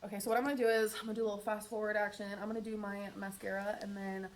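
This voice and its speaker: A woman's voice: medium pitch, little pitch movement, very fast. A woman chatting through her makeup routine in a get-ready-with-me vlog, upbeat and talkative, with wry sarcastic asides. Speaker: beauty vlogger.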